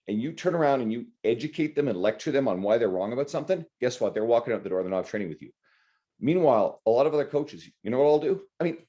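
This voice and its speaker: This podcast host is a man whose voice sits at medium pitch with a dark tone. He chats casually, getting his point across in a blunt, animated way and cursing without restraint.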